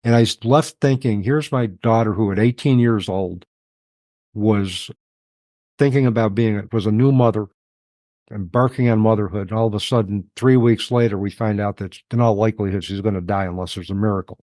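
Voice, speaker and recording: A middle-aged man telling personal stories as an interview guest, reflective and halting, emotional at times. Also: fairly low pitch, warm tone, no room sound.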